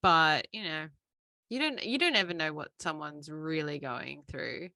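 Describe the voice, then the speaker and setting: Woman, lowish gravelly voice, easygoing podcast chat. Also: a little slow, dry recording, clean studio sound. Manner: easygoing storyteller, calm advice giver. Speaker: podcast co-host. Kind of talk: casual chat.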